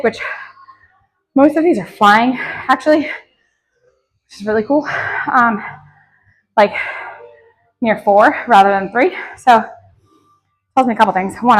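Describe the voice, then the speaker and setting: A woman powerlifter chatting out loud between heavy squat sets, out of breath, in her home garage gym. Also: a little high, a little slow, long pauses. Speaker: powerlifting vlogger. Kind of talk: casual mic'd-up training commentary. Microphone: clip-on mic.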